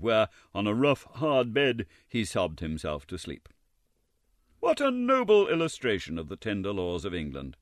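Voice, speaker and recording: A man reading a classic novel aloud as an audiobook narrator, expressive and wry. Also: on the low side, no room sound, clean studio sound.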